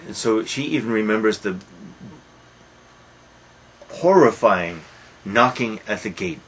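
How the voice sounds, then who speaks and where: Lecturer, male, low voice, reflective reading style, faint hiss behind. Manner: reflective, quotes passages slowly and quietly. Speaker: literature lecturer. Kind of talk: lecture reading and explaining a play.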